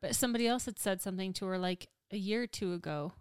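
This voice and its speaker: A woman's voice: mid-range voice, fast, clean tone, no room sound. A frank woman in her thirties chats as a podcast co-host. She tells stories candidly and plainly. The recording is dry and close. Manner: frank, conversational storyteller. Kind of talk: casual chat.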